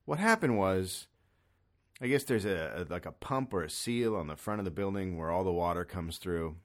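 A man hosting a podcast alone at home, ranting comically in an exasperated, profane way with sudden loud bursts. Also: deep voice, expressive, moderate pace. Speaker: podcast host. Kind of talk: solo comedic rant. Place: son's room in an apartment. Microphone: studio microphone.

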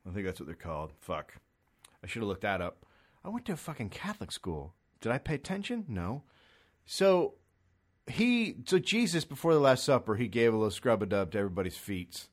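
A man's voice: on the low side, very animated, a little fast. A man from America doing a rambling, profane comedy monologue, sarcastic and acting out little voices. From United States.

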